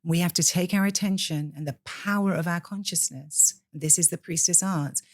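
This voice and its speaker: Low-voiced impassioned woman. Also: normal speed, dry recording, clean studio sound. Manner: impassioned, preacher-like. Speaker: guest, priestess. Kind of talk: podcast interview.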